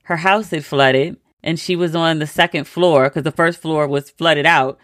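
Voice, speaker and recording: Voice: medium pitch, fairly even intonation, moderate pace, fairly bright tone, no room sound, clean studio sound. A host telling a personal story in a casual monologue, with wry, incredulous asides.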